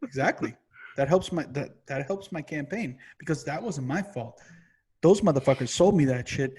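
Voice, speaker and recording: A man co-hosting a podcast, telling a frustrated, profane comedic rant that builds to yelling. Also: fairly high pitch, lively intonation, normal speed, husky. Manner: exasperated, swears constantly, builds to yelling. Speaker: podcast co-host.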